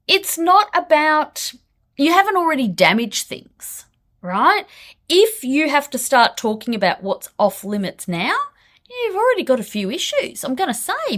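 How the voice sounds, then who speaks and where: A woman counsellor giving direct, blunt relationship advice in a podcast monologue. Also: fairly high pitch. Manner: direct, blunt, lively delivery.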